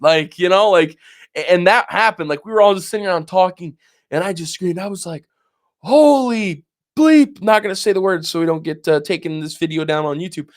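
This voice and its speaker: A podcast co-host in his twenties speaks quickly in a fairly high-pitched voice with a steady tone. In casual conversation, he recounts a story and acts out the reactions he had back then.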